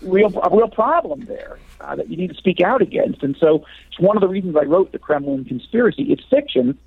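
A man's voice: high voice, very animated, fairly quick, gravelly, slightly rough, no room sound. A man from the United States, an author talking through a radio interview with many fillers and restarts. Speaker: author guest. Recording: tinny phone line.

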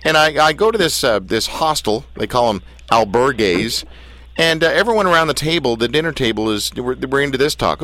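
A man's voice: medium pitch, lively intonation, brisk, bright, forceful tone. A man hosting a casual interview show, telling rambling stories and teasing his guest. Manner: playful, rambling storyteller who teases his guest. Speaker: radio show host.

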